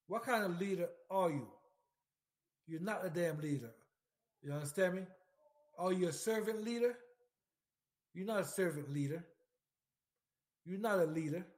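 A man, a military veteran, ranting in emphatic political commentary, repeating himself, swearing and firing questions straight at the listener. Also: high voice. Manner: emphatic, repetitive, profane, lots of direct questions at the listener.

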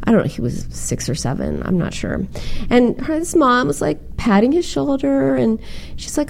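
A woman hosting a call-in advice radio show, telling stories in a warm, validating way. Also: a little high, very animated, normal speed, gravelly, a little hiss or hum.

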